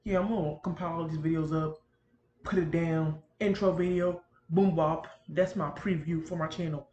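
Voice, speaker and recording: Woman, casual vlog chat, rambling and animated, built-in computer mic, echoey room, faint hum. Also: low voice, normal speed, lo-fi sound. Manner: rambling, animated, talks to viewers as y'all. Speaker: gaming YouTuber. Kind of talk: casual chatty vlog narration. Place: home room near a busy street.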